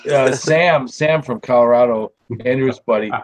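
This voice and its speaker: A man's voice: medium pitch, normal speed, no room sound, rough recording. A man, a podcast host telling a long, rambling story in casual chat. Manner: rambling, restarts, acts out quoted people.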